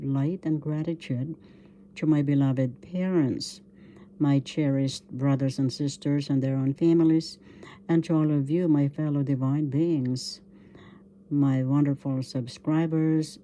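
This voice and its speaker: A woman from the Philippines teaching a language lesson, breaking words into syllables in an unhurried, devotional way. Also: low voice, dark tone, a little hiss or hum. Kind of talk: slow spoken language lesson.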